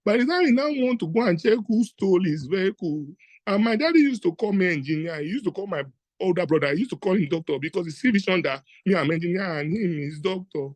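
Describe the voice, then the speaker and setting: Nigerian man, comedian, stage storytelling, animated, high and lively voice. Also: quick pace, dry recording. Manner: animated, acting out quoted people. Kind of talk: stand-up storytelling. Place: stage at a live event.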